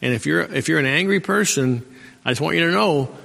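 Gravelly-voiced man preaching in a reverberant church. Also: a little high, animated, fairly quick, sharp tone. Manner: folksy preaching with call-and-response amens. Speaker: pastor. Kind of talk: sermon. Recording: long hall reverb.

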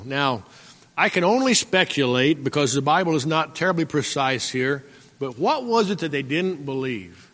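A man preaching a sermon as pastor, exhorting and repeating himself, often clearing his throat and calling out for an amen. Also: fairly high pitch, expressive, normal speed, a bit bright. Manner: repetitive, exhorting, calls out "Amen?". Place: church sanctuary. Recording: long church-hall reverb.

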